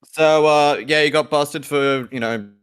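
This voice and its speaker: A man's voice: fairly high pitch, steady tone, unhurried, a bit bright, smooth. A man hosting a casual livestream chat, teasing his guest. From New Zealand. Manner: teasing, sardonic. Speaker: show host.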